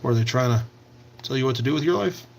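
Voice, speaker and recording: A man's voice: mid-range voice, fast, vocal fry, slight background noise. A man hosting a casual livestream, reading out and answering viewer comments while he works on a craft project. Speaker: livestream host.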